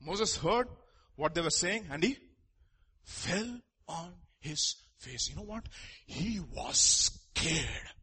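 A man's voice: on the high side, expressive, slow pace, pushed and bright, breathy edge. A man preaching a sermon, emphatic, full of rhetorical questions and joking asides to the congregation.

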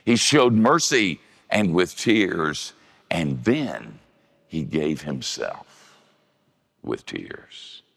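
Older guy preaching, real deep gravelly voice, slow and swoopy, long echo like a big hall. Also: big pitch swings, a bit bright. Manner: gravelly, folksy storytelling with shifts into high voices for quoted women. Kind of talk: sermon.

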